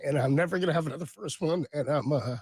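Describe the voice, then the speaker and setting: A man's voice: a little high, fast talker, a little mellow, slightly rough, no room sound. A man in his thirties, a radio co-host, giving a casual heartfelt on-air tribute.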